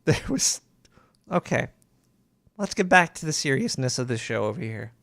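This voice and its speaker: A man's voice: medium pitch, big pitch swings, normal speed, creaky, fairly bright tone, no room sound, clean studio sound. A man hosting a comedic call-in radio show as a paranoid cartoon rat, rambling and stumbling over his words as he reads emails. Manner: rambling, stammers and restarts while reading emails.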